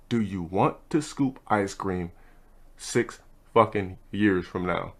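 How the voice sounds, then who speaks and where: A young man telling a casual story and ranting bluntly, with plenty of profanity and a brash, hurried delivery. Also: sits low. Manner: blunt, profane, brash, speeds up mid-thought. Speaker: streamer.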